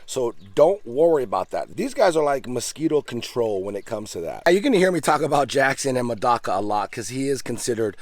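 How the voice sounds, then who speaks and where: A man vlogging outdoors beside his backyard koi pond, talking casually and eagerly into a handheld phone camera, his voice jumping up on the exciting bits. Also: a little fast, few pauses, dry recording. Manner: enthusiastic, chatty, pitch jumps up on exciting points. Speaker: fish keeper vlogger. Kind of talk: casual show-and-tell vlog.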